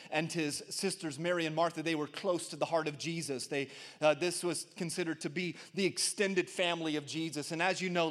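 A man preaching a sermon as pastor, leading the congregation in call-and-response and building to loud, emphatic peaks. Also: on the high side.

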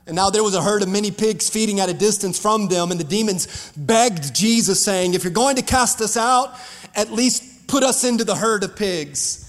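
A man pastor preaching a fiery sermon to his congregation, building up to shouts. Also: sits high, moderate pace, long reverb tail. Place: church sanctuary.

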